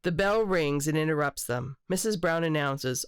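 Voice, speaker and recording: A children's book author reading her picture book aloud with clear, expressive storytelling. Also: low-pitched, moderate pace, no echo, clean studio sound.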